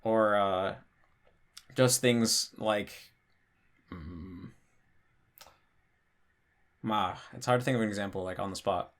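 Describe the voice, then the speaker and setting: A man's voice: lowish voice, slow, pauses often, a bit bright. A man hosting a casual question-and-answer talk, chatty and blunt, often checking in with the listener. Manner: chatty, frequently checks in with "right?" and fillers; emphatic, blunt opinions. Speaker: language-learning channel host. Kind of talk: casual Q&A monologue.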